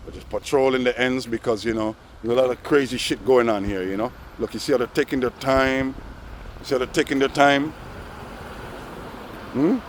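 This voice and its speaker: Speaking at a moderate pace in a mid-range voice, this male vlogger wanders through a laid-back outdoor monologue. Faint traffic can be heard, and "you know" pops up every few phrases.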